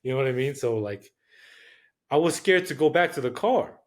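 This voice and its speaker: A man's voice: mid-range voice, animated, moderate pace. A man, a podcast guest telling a story in a casual, profane, streetwise way.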